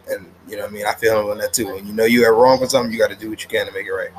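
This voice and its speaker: Low voice guy doing a chill anime review at home, slangy, rambly, lots of laughs, faint noise. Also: steady tone, racing, few pauses, low-quality recording. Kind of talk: casual episode review.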